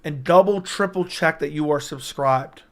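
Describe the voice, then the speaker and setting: Hoarse, blunt man streaming. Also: fairly high pitch, normal speed, no echo. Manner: blunt, profane banter while answering chat. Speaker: livestream host. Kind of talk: casual livestream commentary.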